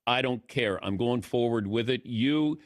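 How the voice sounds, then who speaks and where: A man's voice: medium pitch, a little slow, dry recording. A man with a mid-range voice hosts a sports talk show, teasing his guest and pressing his points again and again. The sound is dry and close on a studio microphone. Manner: teasing, emphatic, repeats points. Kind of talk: casual interview chat.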